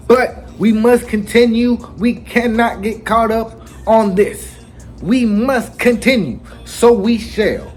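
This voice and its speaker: A man hosting a casual anime chapter recap, telling it with lively slang and acting out the characters. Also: sits high, slow. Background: faint background music.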